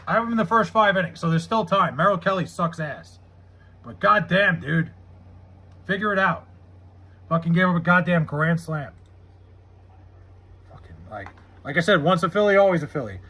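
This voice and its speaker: Bright, husky-voiced male streamer. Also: high-pitched, animated, moderate pace, pauses often. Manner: profane, frustrated, reads chat aloud. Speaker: live streamer. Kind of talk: casual live stream chat. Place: home room with TV.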